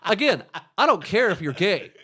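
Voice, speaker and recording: A man as a podcast guest, telling an animated, profane story in casual chat and acting out the dialogue. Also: sits high, normal speed, noisy background.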